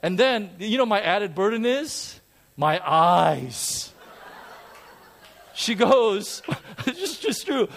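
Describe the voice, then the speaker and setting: A man preaching a sermon in a church to a congregation, animated and self-deprecating, joking and repeating phrases for emphasis. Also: high voice, a little slow. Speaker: pastor.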